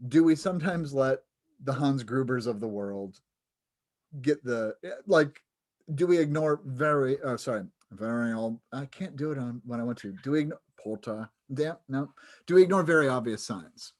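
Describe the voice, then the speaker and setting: A man hosting a podcast discussion over a video call. His voice has an ordinary middle pitch. He speaks with wry humor and often breaks off mid-sentence to correct himself. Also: animated, normal speed. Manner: wry, self-interrupting.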